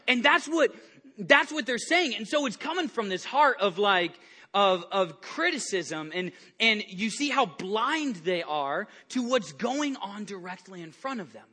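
A male pastor preaching a sermon to his church, animated and lively, stumbling over restarts and acting out the people in his stories. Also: sits high, measured pace, husky. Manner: animated, acts out quoted voices, many restarts. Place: church service before a congregation.

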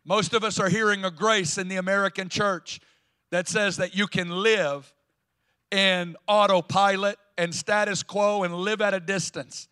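A man with a Southern US accent preaching a sermon as pastor in a church, emphatic and building to loud declarations. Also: high voice, fairly even intonation, unhurried, smooth. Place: church sanctuary.

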